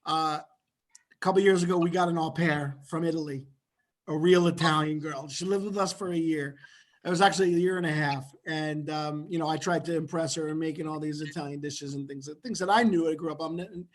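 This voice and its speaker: American guy guest, fairly high voice, just chatting easy about his family. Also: fairly even intonation, fairly quick. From United States. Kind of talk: casual chat.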